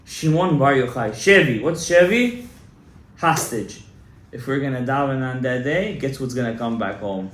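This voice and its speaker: A man giving a Torah class to a small audience, emphatic and exhorting, often rising to loud, fervent urging. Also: mid-range voice, animated, moderate pace. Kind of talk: animated Torah lecture to a live audience. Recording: echoey room, faint room noise.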